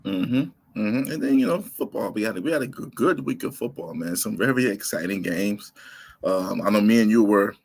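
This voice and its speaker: A man co-hosting a casual sports podcast, laid-back and halting with many fillers. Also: fairly low pitch, creaky, breathy edge. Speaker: podcast co-host.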